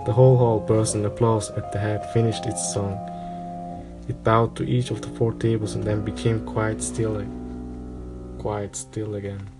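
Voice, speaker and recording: A man calmly narrating a storybook aloud, with an even reading pace and small slips. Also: on the low side, measured pace, music in the background. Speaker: audiobook reader.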